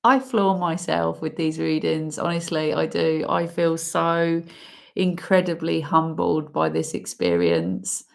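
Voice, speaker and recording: Woman card reader, slow and heartfelt, low gravelly voice with sighs. warm host delivering a reading. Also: expressive. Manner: slow, heartfelt, breaks into emotional laughs and sighs. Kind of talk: emotional spoken card reading.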